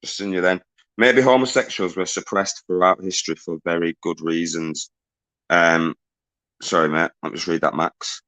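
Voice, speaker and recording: A man hosts a casual livestream, reading viewer comments aloud and greeting people as they arrive. His voice sits deep and low but comes across bright and forceful. He talks loosely and swears now and then. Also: steady tone, normal speed, poor audio.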